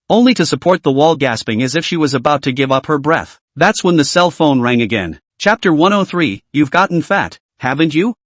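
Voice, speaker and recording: Brief: male recap narrator, raised pitch, lively up-and-down reading, dry close sound. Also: no room sound. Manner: reads every part in one steady storytelling voice. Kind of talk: scripted story narration.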